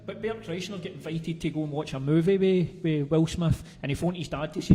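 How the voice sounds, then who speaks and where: A Scottish man hosting a podcast, teasing and swearing in quick asides. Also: fairly high pitch, warm tone, husky. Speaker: podcast host. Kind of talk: casual podcast chat. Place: podcast studio. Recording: reverberant room.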